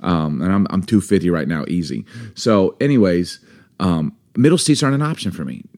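A man's voice: sits low, animated, fairly quick, darkish tone. A man in his forties co-hosting a casual chat, telling stories animatedly and acting out the voices in them. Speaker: podcast co-host.

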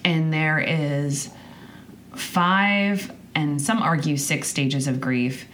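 A woman's voice: low-pitched, extremely slow, a bit bright, slight background noise. A woman in her twenties hosting a podcast, talking candidly in a rambling personal monologue with restarts and the odd swear. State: choked up. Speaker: podcast host.

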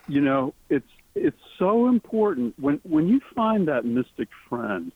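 A man, an author being interviewed, talking earnestly and enthusiastically, his pitch leaping up on the words he cares about. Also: very animated, a little slow, a little hiss or hum. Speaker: author guest. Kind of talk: interview conversation. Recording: tinny phone line.

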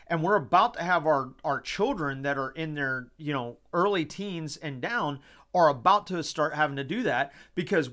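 A man's voice: on the high side, a bit bright. A man, hosting a podcast and giving his heated, rambling opinions with lots of swearing and repetition. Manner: impassioned, swearing, repeats himself. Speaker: podcast host. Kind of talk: casual opinion talk.

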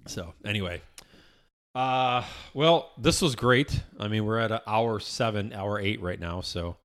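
A man's voice: on the low side, a little slow, a bit bright. A man hosting a podcast in casual chat, rambling with frequent restarts and casual swearing, recorded in an office. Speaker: podcast host.

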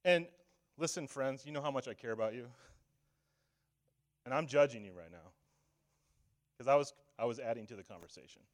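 A male pastor preaching a sermon, swinging from hushed, slow lines to loud, urgent ones. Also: mid-range voice.

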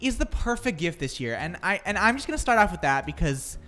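Male host, casual video-call chat, animated pitch, faint music behind. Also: quick pace. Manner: giggly, rambling, easily distracted.

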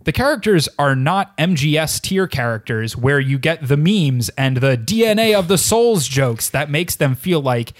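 A man's voice: on the high side, animated, moderate pace, hardly any pauses. A man hosting a podcast in casual chat, with a sarcastic, joking manner. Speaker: podcast host.

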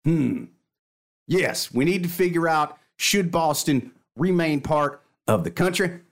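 A man playing a naive judge in a comedy bit, deadpan and a little stammering. His voice sits fairly high for a man. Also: slow.

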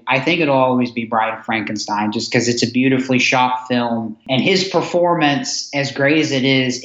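A man's voice: mid-range voice, fairly bright tone. A man, a podcast guest, chatting enthusiastically about old films, rambling with restarts. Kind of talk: casual chat. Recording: roomy, dull lo-fi sound.

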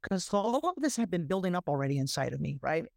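A male guest who works as a life coach tells personal stories animatedly and emphatically, repeating words and often saying "right?" and "you know." His high, very animated voice is fast with vocal fry, captured dry and close with no echo.

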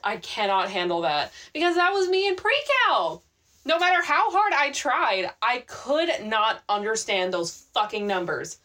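A woman co-hosting a podcast, an animated storyteller who swears freely in casual chat. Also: on the high side, unhurried. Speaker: podcast co-host.

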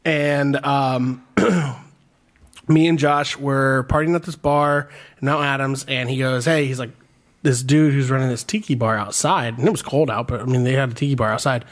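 A man's voice: mid-range voice, fairly even intonation, moderate pace. A man hosting a podcast in casual chat, telling stories with laughter and acted-out quotes. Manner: laughing storyteller, acts out quotes. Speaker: podcast host.

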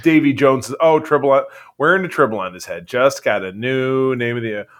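A man's voice: medium pitch, normal speed, a bit bright. A man co-hosting a casual podcast, recapping episodes in a chatty, joking way. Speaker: podcast co-host. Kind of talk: casual chat.

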